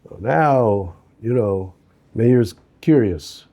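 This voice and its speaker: A man teaching a lesson through an animated, conversational story. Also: on the low side, extremely slow.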